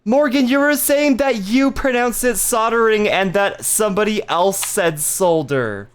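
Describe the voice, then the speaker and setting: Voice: mid-range voice, unhurried, clean tone. A live streamer chatting casually with viewers, playful and giggly with crude jokes.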